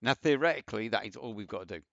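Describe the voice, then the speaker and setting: Low, gravelly man talking through code. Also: animated, racing, fairly bright tone, dry recording. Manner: rambling, self-deprecating, thinks aloud while typing. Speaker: programming teacher. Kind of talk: casual coding tutorial with screen share. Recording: dull, lo-fi dry mic.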